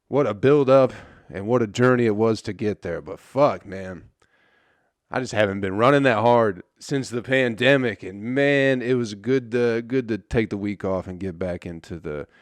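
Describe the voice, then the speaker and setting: A man's voice: on the low side, no echo. Profane, laid-back young man telling stories. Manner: loose, profane storytelling with a friendly banter tone. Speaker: podcast host. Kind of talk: casual solo comedy podcast monologue.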